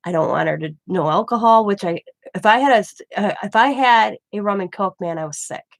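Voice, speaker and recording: A woman's voice: mid-range voice, fairly quick, vocal fry, no echo. A middle-aged woman, host of a craft channel, casually telling a rambling personal story and acting out the dialogue as she goes. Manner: rambling, animated retelling with quoted dialogue.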